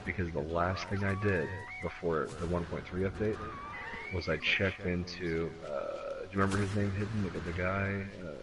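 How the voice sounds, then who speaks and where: A man's voice: deep voice, steady tone, normal speed, recorded from a distance, noisy background. A man co-hosting a casual gaming stream, rambling and swearing, often restarting his sentences. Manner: rambling, profane, frequent restarts. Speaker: stream co-host.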